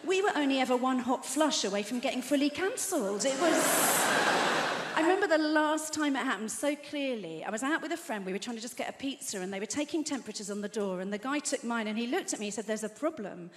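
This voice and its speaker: A woman's voice: sits high, animated, fast. Dry, self-mocking woman in her fifties. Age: 50s. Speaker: stand-up comedian. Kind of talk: stand-up comedy set. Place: large theatre stage. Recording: roomy live theatre with crowd noise.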